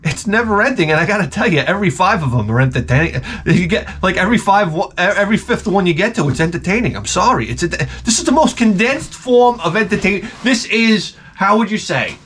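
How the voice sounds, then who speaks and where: Man, vlogger, has the flu, comedic rant, exasperated, profane, rambling, lively pitch. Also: fairly quick, hardly any pauses. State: sick with the flu.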